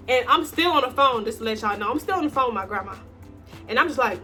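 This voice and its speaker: A woman's voice: high voice, fast, soft background music. A young adult woman speaking African American Vernacular English tells a casual, swear-heavy story to her viewers, calling them y'all. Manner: animated, slangy, swearing, addresses viewers as y'all. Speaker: vlogger.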